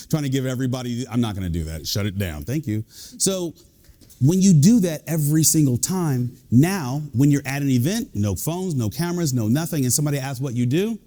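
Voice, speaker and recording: Lively joking man giving a talk. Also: medium pitch, fairly quick. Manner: lively, joking, animated delivery. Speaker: executive coach and leadership speaker. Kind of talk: live talk to an audience.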